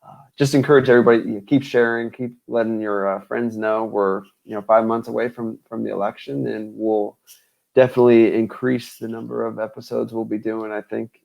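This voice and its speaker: Man, podcast co-host, episode sign-off, laid-back, low voice, gravelly. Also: little pitch movement, fairly quick, darkish tone.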